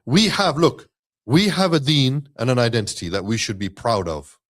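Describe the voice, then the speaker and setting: A man co-hosting an Islamic live stream in casual chat, giving upbeat sponsor shout-outs. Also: medium pitch, very animated, normal speed.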